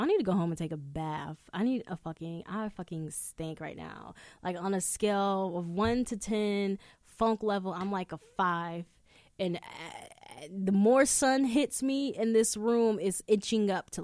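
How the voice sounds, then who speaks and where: A young adult woman hosting a podcast, telling stories in casual chat, animated and swearing freely. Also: medium pitch, no room sound, clean studio sound. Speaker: podcast host. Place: indoor room.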